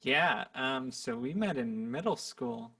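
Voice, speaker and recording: A man in his twenties talks about his music from his home recording room, relaxed and rambling. He speaks slowly, with a gravelly edge to his voice and plenty of pauses and fillers. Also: medium pitch. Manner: relaxed, rambling, laughs easily. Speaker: podcast guest, musician. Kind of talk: casual podcast chat.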